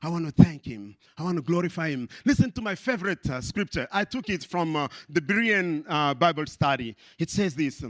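A man preaching a passionate sermon in English, which is not his first language, repeating phrases and rising to shouts of praise. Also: a little high, expressive, a little fast, few pauses, dry recording.

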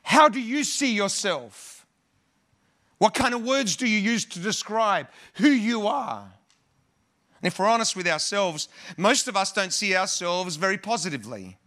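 A man's voice: high-pitched, expressive, a little slow, bright, forceful tone. A man preaching a sermon, opening with a prayer and then talking in a conversational way, with many fillers and restarts. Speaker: pastor.

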